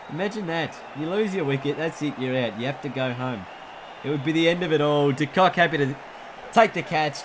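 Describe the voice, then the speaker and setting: A man's voice: on the high side, background noise. A man giving chatty, jokey play-by-play commentary over a cricket video game, stumbling over names now and then.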